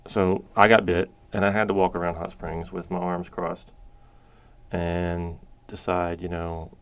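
A man's voice: low-pitched, little pitch movement, unhurried, a bit bright. A man co-hosting a podcast, telling a rambling story with crude jokes and lots of fillers. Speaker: podcast co-host. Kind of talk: casual chat.

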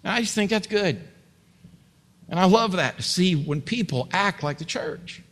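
A man's voice: high voice, expressive, moderate pace, a bit bright, long reverb tail. A male pastor preaching a sermon emphatically, repeating his points and speaking straight to his congregation in a church.

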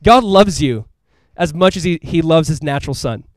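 A man preaching a sermon as a pastor in a casual, conversational and animated way, full of asides to the congregation. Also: on the high side, moderate pace, no room sound. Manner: animated, emphatic delivery.

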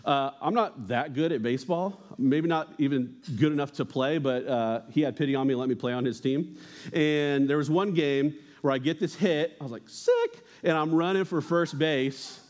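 A young man preaches to a church congregation in a loose, conversational way. His voice sits a little high, and he slips in jokes and asides between the readings. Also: normal speed, darkish tone. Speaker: pastor. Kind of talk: casual sermon.

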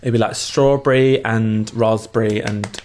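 A man's voice: on the low side, fairly even intonation, unhurried, darkish tone, a little hiss or hum. A man co-hosting a casual podcast chat, giggly and camp, often laughing as he talks. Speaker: podcast co-host.

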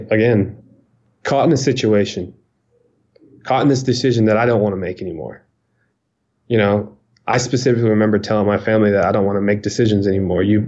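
A man in his forties recounting his own story in an interview, halting and repeating words, often pausing. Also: fairly low pitch, darkish tone, dull audio. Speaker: interview guest. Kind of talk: emotional personal account.

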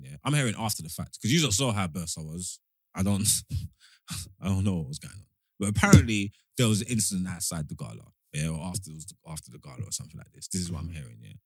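A man talks fast in a casual chat, his pitch swinging widely as he presses his point and circles back to repeat it. The recording is close and dry, with no room sound around him. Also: dry recording. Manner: animated, emphatic, keeps repeating himself. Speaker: podcast co-host.

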